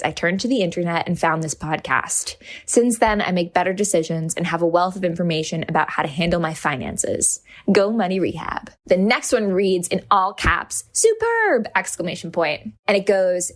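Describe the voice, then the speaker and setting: A woman producer reading listener reviews aloud in a brisk, even way. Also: on the low side. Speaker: podcast producer.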